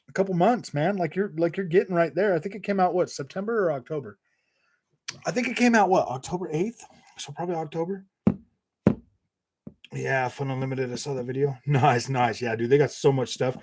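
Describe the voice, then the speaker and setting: A man's voice: fairly high pitch, a little fast, a little mellow. A man hosting a casual gaming live stream, reading and answering viewer comments with jokes, laughter and lots of restarts. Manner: chatty, joking, many restarts and fillers; laughs often. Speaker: gaming channel host reading live chat.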